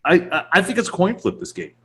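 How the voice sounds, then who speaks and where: A man's voice: sits high, huge pitch swings, fast talker, fairly bright tone. A man hosting a sports podcast in casual chat, laughing often and steering the talk to the next game. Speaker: podcast host leading the segments.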